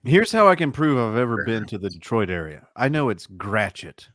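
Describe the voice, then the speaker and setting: A man's voice: mid-range voice, big pitch swings, a little fast, a bit bright, no echo, clean studio sound. A man co-hosting an election-night livestream, joking crudely and swearing often. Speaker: livestream co-host. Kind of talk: casual election-night chat.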